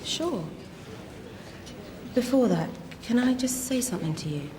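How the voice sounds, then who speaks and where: An actress playing a nurse in a sitcom, speaking softly and deliberately. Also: female voice, a little high, animated, a crowd in the background. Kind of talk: sitcom acting.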